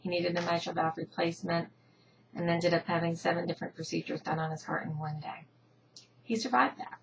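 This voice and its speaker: A woman's voice: on the low side, steady tone, fairly quick, vocal fry, dull audio, slight background noise. A middle-aged woman from New Jersey telling her family story, emotional and heartfelt, her voice sometimes dropping to a whisper. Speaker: patient advocacy founder. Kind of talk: personal story to camera.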